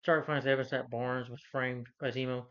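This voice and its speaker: A man's voice: mid-range voice, level tone, a bit bright, muffled recording. Rambling man recapping a movie. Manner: rambling, with many fillers, quick quoted lines of characters. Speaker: movie reviewer. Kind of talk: casual film recap.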